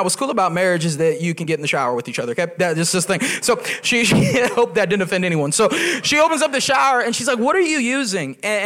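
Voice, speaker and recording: A young adult man preaching as a guest pastor, with lively storytelling and quoted voices, in a humorous sermon in a church. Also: fairly high pitch.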